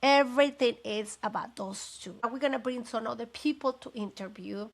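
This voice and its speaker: Woman host, middle-aged, rambling live chat, gravelly fry in the voice. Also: fairly high pitch, normal speed. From Mexico. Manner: chatty, rambling, animated with asides. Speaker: podcast host and business consultant. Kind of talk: casual live talk to camera.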